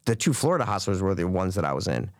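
A man's voice: low-pitched, rapid-fire, dry recording. Man telling a story in dry sound. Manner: animated storytelling with acted quotes. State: recovering from illness. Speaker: podcast co-host. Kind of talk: casual chat.

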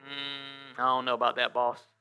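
A man's voice: mid-range voice, level tone, moderate pace, pushed and bright, clean tone, soft background music, voice pushed down. A male pastor voicing Noah as a puzzled, doubting old man during a sermon. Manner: baffled, questioning.

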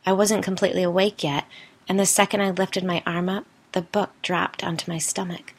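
A woman's voice: fairly low pitch, level tone, fairly quick. Woman reading as a haunted young woman. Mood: recounting. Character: haunted young woman recalling her past.

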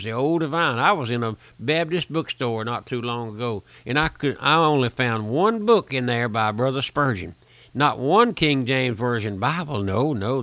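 A man's voice: medium pitch, a bit bright, dry recording. An older man, a pastor, delivering a radio sermon in a folksy, repetitive preaching manner with emphatic lists.

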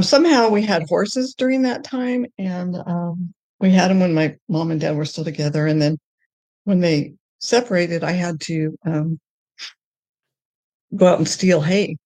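Middle-aged woman, lowish voice, halting testimony with restarts, rising high and excited at the joyful parts. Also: dry recording. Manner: halting, with many restarts and fillers; grows high and excited when telling of joy. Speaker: guest sharing her testimony. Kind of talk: personal testimony in conversation.

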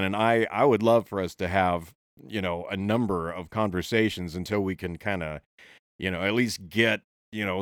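A podcast host talking in a measured, soft-spoken way about spiritual growth, with many fillers. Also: male voice, deep voice, no echo, clean studio sound. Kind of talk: reflective spiritual talk.

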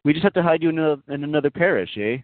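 Man doing a brash Canadian priest, put-on Canadian accent, high sing-song voice, dry tinny phone-line sound. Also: lively intonation, very fast, no room sound, lightly acted. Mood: mocking. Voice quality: high, sing-song "eh?" tag on every phrase.

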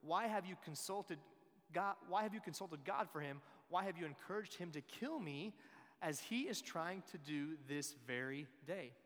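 A man doing a raging old king who barks accusing questions with a voice pitched a little high, booming through a big hall with a long echo. He sounds suspicious and furious. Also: brisk, hardly any pauses, lightly acted. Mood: angry demanding. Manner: loud, demanding questions.

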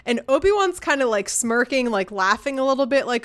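Woman, podcast co-host, chatty rambler, slightly high voice, filler-heavy. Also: normal speed. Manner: rambling, animated, filler-heavy with frequent restarts. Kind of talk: casual podcast chat.

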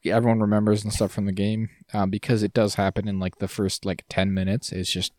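A man co-hosting a casual podcast, talking in an animated, jokey way that often trails off and restarts. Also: fairly low pitch, a little fast, no echo, studio quality. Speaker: podcast co-host.

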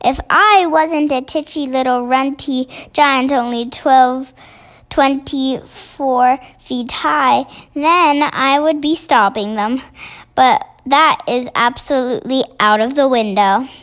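A woman reading as a gentle big giant. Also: sits high, fairly even intonation, slow. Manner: odd made-up words, broken grammar. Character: big gentle male giant, mangled grammar. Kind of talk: storybook reading.

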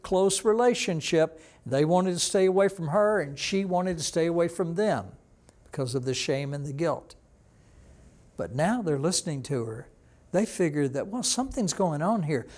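A man's voice: fairly high pitch, darkish tone. A man who is a pastor, preaching a conversational sermon and retelling a Bible story, acting out the people in it. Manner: plain, conversational teaching.

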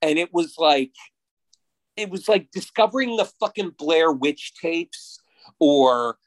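A man in his thirties from New Jersey, a podcast guest telling stories in a casual, excitable and profane way. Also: a little high, takes it slowly, poor audio. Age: 30s. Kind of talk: casual chat.

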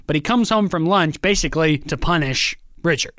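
A man's voice: a little high, animated, normal speed, fairly bright tone, dry recording, clean studio sound. A man in casual conversation about a play, acting out quoted lines with animation. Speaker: podcast co-host discussing a play. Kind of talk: casual chat.

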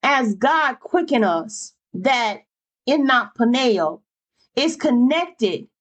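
Fervent high-voiced woman preaching. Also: lively intonation, takes it slowly, muffled recording. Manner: fervent, exclamatory, repeats phrases for emphasis. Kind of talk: sermon.

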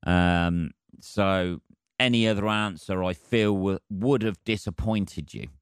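A man's voice: low voice, slow, smooth, dry recording, studio quality. A man hosting a comedy podcast, rambling wryly and swearing freely through his own stories.

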